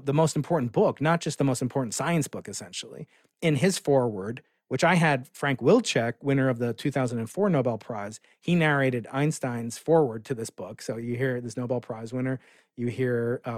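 American guy rambling excitedly on a podcast, lots of uhs, medium voice, dead dry sound. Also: mid-range voice, no room sound. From United States. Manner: enthusiastic, rambling with many fillers and restarts. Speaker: physicist guest. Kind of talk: casual interview storytelling.

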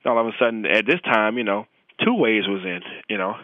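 A man's voice: lowish voice, expressive, a little fast, no echo, phone-quality sound. A young man, a pro football player, telling a rambling anecdote as a podcast guest and leaning on "you know". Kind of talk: casual anecdote storytelling.

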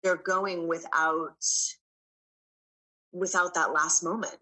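Bright-voiced woman reflecting earnestly. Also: fairly low pitch, fairly even intonation, takes it slowly, poor audio. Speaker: guest, actress. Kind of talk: casual interview chat.

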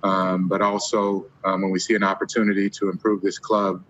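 A low-voiced man gives careful, halting answers as a team executive. His delivery is flat and measured, and the lo-fi clip sounds dull with faint hiss behind it. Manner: halting, measured, many fillers. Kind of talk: press interview.

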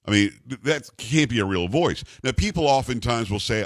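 A man hosting a radio talk show with a bass voice, telling stories casually and jokingly, doing voices for the people in them. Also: fairly quick, hardly any pauses, no room sound. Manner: animated, jokey, puts on voices for the people in his stories. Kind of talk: casual on-air storytelling. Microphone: studio microphone.

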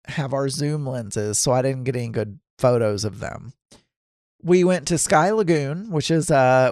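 A man's voice: a little high, a little mellow, no room sound, clean studio sound. A middle-aged man hosting a podcast, telling a story in a loose, rambling way that is full of fillers and self-corrections. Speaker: podcast host. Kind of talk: casual solo travel storytelling.

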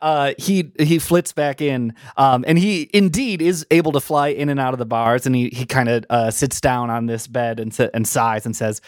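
A woman's voice: extremely low pitch, normal speed, few pauses, darkish tone, no room sound, clean studio sound. Hesitant woman game master. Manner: hesitant, full of ums and uhs. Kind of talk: narrating a tabletop game.

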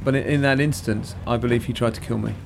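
A man's voice: medium pitch, steady tone, fast, gravelly, heavy background noise. A man telling an anecdote as a chat show guest, hesitant with ums and repeated words.

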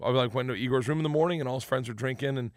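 A man's voice: medium pitch, very fast, no echo, studio quality. A man telling stories in a casual chat, rambling, cutting himself off, and swearing freely. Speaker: guest. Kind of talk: casual storytelling in a podcast chat.

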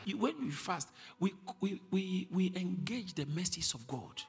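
Male preacher, high animated voice, long hall reverb; quiet teaching that rises to shouted declarations. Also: a little slow, husky. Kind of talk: sermon.

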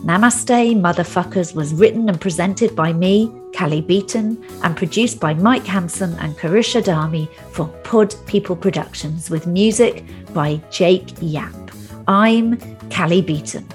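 A podcast host with a slightly low woman's voice reads her closing segment. She keeps it chatty and drops self-deprecating asides between the scripted lines. Soft music plays faintly underneath. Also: a little slow.

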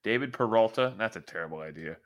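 A man's voice: fairly low pitch, animated, quick pace. A man co-hosting a casual sports podcast, joking and rambling, often trailing off mid-thought. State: married. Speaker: podcast co-host.

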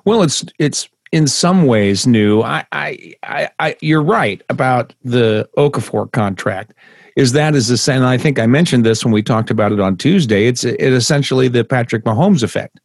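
Male co-host, skeptical and wry, mid-pitched, dry close mic. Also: lively intonation, moderate pace, creaky, no echo. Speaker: podcast co-host. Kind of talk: casual sports podcast chat.

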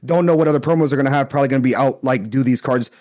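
Laid-back rambling podcast co-host. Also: male voice, medium pitch, rapid-fire, a little mellow. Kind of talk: casual podcast chat.

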